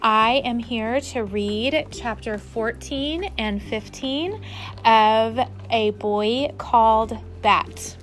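A woman teacher reading a children's book aloud with expressive delivery. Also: a little high, drawn-out words, soft background music. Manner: warm, expressive.

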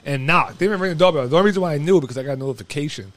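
A man's voice: a little high, rapid-fire, a bit bright, dry recording. A man chatting casually with friends, rambling through a story with many restarts. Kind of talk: casual chat.

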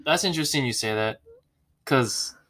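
A man's voice: medium pitch, normal speed, fairly bright tone. A man in casual conversation, thoughtful and questioning, with many filler words. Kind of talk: casual chat.

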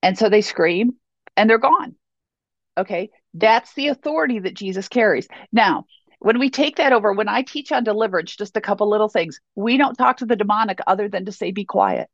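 A woman's voice: mid-range voice, a little fast, no echo. A woman Bible teacher giving a sermon in an emphatic, repetitive way, on a dull, dry recording.

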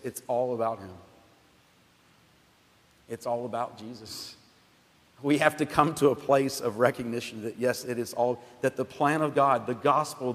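A man preaching a sermon as pastor, emphatic and conversational, often restarting his phrases. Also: medium pitch. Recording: long hall reverb.

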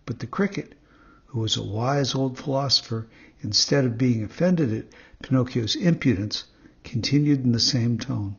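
A man narrating a children's story in a steady, measured way, with a husky voice, on a dull recording. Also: medium pitch. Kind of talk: scripted narration.

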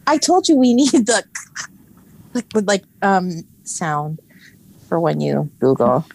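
A woman co-hosting a podcast in casual chat, teasing her friend with playful, quick quips. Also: on the low side, very animated, vocal fry, darkish tone. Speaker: podcast co-host.

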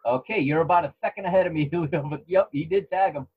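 A man gives casual play-by-play of a fight on a home podcast, his voice slightly husky. He is relaxed and chatty, often restarting his sentences. The recording sounds dull and lo-fi. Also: a little high, fast. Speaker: podcast co-host commentating a fight. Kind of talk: casual live fight commentary. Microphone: home microphone.

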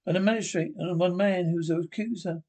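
A man's voice: high-pitched, steady tone, fairly quick, darkish tone. A frightened young wife , played by a man, pleads in a raised, urgent voice. Her words come anxious and insistent, full of dread. It sounds like an old radio play. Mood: urgent fear.

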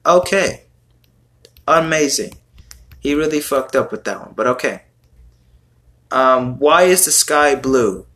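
A man reacts to song lyrics in loose, casual commentary. He sounds exasperated and swears freely as he mocks each line. His voice has a bright, forceful edge, and he talks at an unhurried, drawn-out pace. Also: mid-range voice, lively intonation.

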